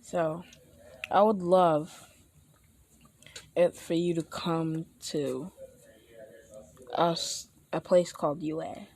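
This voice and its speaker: A young man voicing a weary grown man who teaches heroes, speaking in a calm, matter-of-fact way. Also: fairly high pitch, extremely slow, long pauses.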